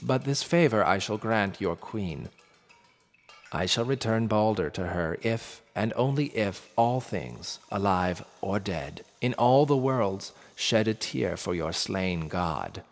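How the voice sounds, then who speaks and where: Guy doing a cold death queen, low and slow, curt, big reverb. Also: lively intonation, gravelly, exaggerated voice. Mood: menacing. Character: cold, grim female ruler of the dead. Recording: long reverb with faint music.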